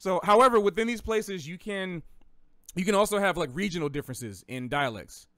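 Lively and a touch fast, this man's high, slightly bright voice comes through at studio quality with no echo. Slightly Southern in accent, he's from the American South and gives a chatty, rambling livestream jazz lesson, often self-correcting.

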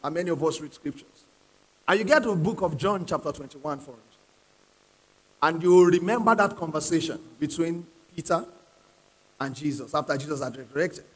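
Male pastor with a husky, high voice, preaching emphatically to a congregation; sound carries a long hall reverb. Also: brisk, long pauses. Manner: asks the congregation questions and prods them to answer; emphatic, repeats key phrases. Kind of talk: sermon. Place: church hall with live congregation.

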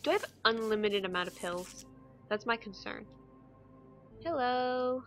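A young woman playing a horror game and commenting, excitable, swearing and reading the game's lines aloud. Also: medium pitch, fairly quick, faint music behind. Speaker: gaming YouTuber. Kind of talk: let's play commentary.

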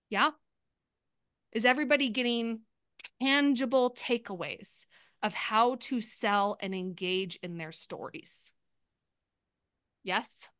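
A woman coaching a group on a live video call, energetic and chatty, often restarting her sentences. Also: on the high side, slow pace, pauses often, no room sound, clean studio sound. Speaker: sales coach.

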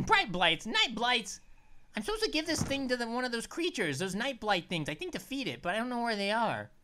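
A woman talks through a spooky game in a casual, chatty way, reacting loudly whenever something startles her. Her voice sits a little high and swings widely in pitch, rising sharply when she gets excited. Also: normal speed. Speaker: let's play host. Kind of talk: casual gameplay commentary.

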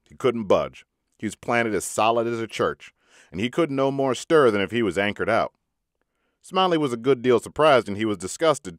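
A man reading a short story aloud in an unhurried, folksy storytelling manner. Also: on the low side, dry recording, studio quality. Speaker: audiobook reader.

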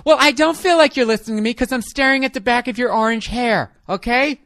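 A man's voice: very high voice, fast talker, sharp tone, dry recording, clean studio sound, pitched above the performer's own voice, full character voice. A man voicing a nagging, emotional wife who keeps pressing her point. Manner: whiny, insistent, repeats "okay?". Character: nagging wife, adult woman, whiny and emotional.

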